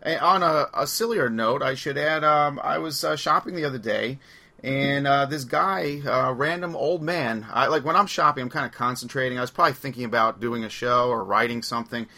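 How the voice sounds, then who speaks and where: A man with a bright, forceful voice hosts a loose, casual podcast chat. He rambles through his stories and laughs along the way. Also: mid-range voice, brisk. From Long Island, New York. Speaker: podcast host.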